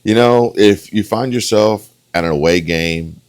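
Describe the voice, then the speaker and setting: A man's voice: fairly low pitch, a little slow, clear, resonant tone. A man giving opinionated, rambling reaction commentary on a debate clip, often punctuating his points with "okay?". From United States. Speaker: online political commentator.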